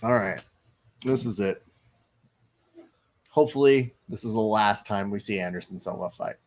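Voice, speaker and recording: This live stream host has a voice on the low side and speaks at normal speed. He chats in a loose, profane way, reading viewers' comments out loud and commenting on fights.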